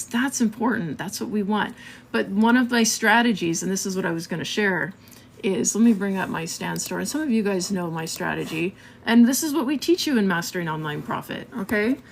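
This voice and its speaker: A woman's voice: mid-range voice, vocal fry, a little hiss or hum. Chatty woman hosting a marketing live stream. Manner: chatty, scattered, laughs often, keeps asking "okay?". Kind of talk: casual live-stream coaching.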